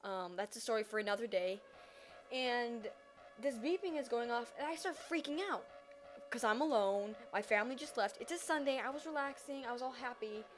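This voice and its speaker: A teenage girl telling a personal story in a casual vlog, animated and dramatic, acting out her own reactions. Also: fairly high pitch, normal speed, faint music behind. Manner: animated, dramatic retelling with acted-out quotes.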